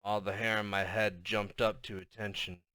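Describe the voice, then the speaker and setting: Bright, clear-voiced male audiobook narrator. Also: fairly low pitch, level tone, normal speed, no echo. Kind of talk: novel read aloud in first person.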